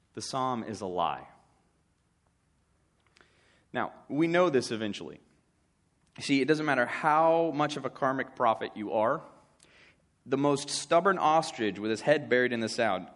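A man's voice: medium pitch, fairly bright tone. A man preaching a sermon, conversational and wry, slipping into short acted asides.

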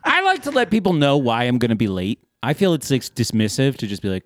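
A man co-hosting a crude comedy podcast, deadpan, dropping his voice low for jokes. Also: fast, dry recording, clean studio sound. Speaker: podcast co-host.

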